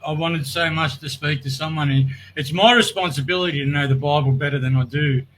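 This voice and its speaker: A man's voice: fairly high pitch, a little fast, a bit bright, rough recording. A man speaking earnestly in conversation, hesitating and restarting his sentences. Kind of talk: casual conversation.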